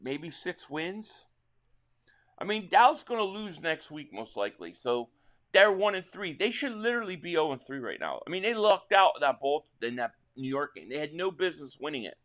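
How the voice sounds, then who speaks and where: A man hosting a live sports reaction stream, calling plays excitedly and answering chat, his voice a little worn. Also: fairly high pitch, brisk. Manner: excitable play-by-play calling, reading viewer chat. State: slightly losing his voice.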